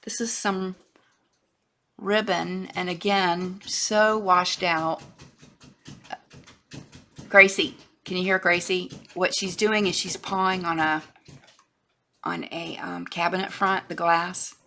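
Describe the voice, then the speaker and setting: Woman craft vlogger, gravelly and bright-toned, rambling show-and-tell, slips into soft whispers. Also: on the low side, fairly even intonation, slow, slight background noise. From Florida, USA. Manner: chatty, rambling, trails off and restarts, drops to a whisper at times.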